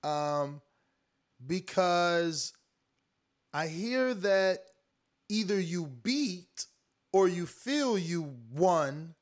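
A man hosting a casual talk show, asking chatty, halting questions. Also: sits high. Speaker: host. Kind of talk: casual interview.

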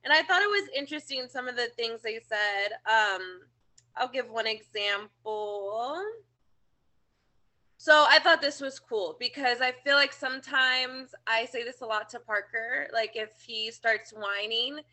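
A woman's voice: a little high, a little slow, bright, forceful tone. A woman co-hosting a casual chat about parenting, sharing examples from home. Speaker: podcast co-host, parent.

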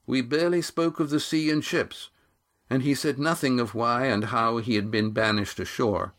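A man's voice: medium pitch, steady tone, normal speed, fairly bright tone, close to an everyday voice. A man voicing a young seafaring grandson who speaks earnestly and declaims a proclamation.

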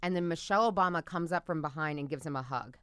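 A woman's voice: low voice, a bit bright, clear, resonant tone, no room sound. A woman co-hosting a podcast, wry and emphatic in casual chat. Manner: wry, emphatic, quick to laugh. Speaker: podcast co-host.

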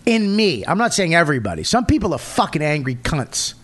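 A middle-aged man from Boston with a Boston accent, a comedian guest telling profane, animated stories in casual podcast chat. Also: a little high, brisk. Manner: profane, animated storytelling with acted-out quotes.

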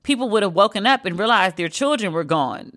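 A woman hosting a solo pop-culture podcast, talking in a sassy, sarcastic, animated way. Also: medium pitch, brisk. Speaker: podcast host.

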